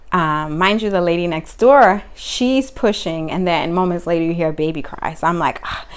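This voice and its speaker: A woman's voice: normal speed, smooth. A young woman, telling her own story to camera in casual vlog style, acting out what people said. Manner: animated, acts out quotes with sudden high pitch jumps.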